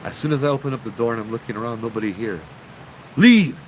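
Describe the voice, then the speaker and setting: A man telling his own ghost story in a casual, slangy, animated way, acting out what people said. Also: medium pitch, rapid-fire, a little hiss or hum, low-quality recording.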